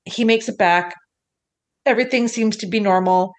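A woman co-hosting a podcast, chatting playfully through an episode recap with plenty of fillers. She speaks at a middling pitch over a video call. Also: moderate pace. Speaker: podcast co-host. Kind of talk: casual chat recapping an episode.

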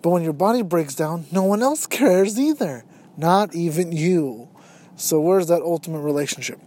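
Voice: medium pitch, lively intonation, normal speed, warm tone. Podcast host preaching self-care to listeners. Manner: rhetorical questions, speaks straight to listeners; acts out imagined everyday dialogue. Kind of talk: motivational monologue.

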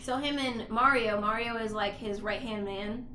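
A woman's voice: a little high, normal speed, echoey room, background noise. A young woman co-hosting a casual podcast, swearing freely and retelling scenes while snacking. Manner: swearing, animated storytelling, eating while talking. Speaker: podcast co-host. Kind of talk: casual chat.

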